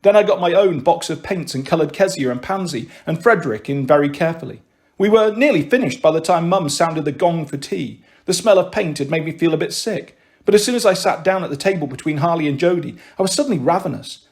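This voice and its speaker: A man narrating a children's novel in steady, clear storytelling. His voice sits high for a man. The reading is paced evenly. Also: fast. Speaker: audiobook reader.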